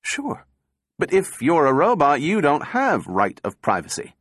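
A man's voice: wildly swooping pitch, measured pace, a bit bright, no echo, studio quality, heavily acted. A man doing a fussy blustering little official. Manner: fussy, blustering, strained higher pitch.

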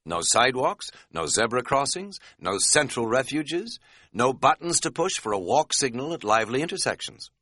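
A man's voice: medium pitch, sing-song, moderate pace, bright, forceful tone, no echo, clean studio sound. A man narrating a travel memoir in a wry, self-mocking way.

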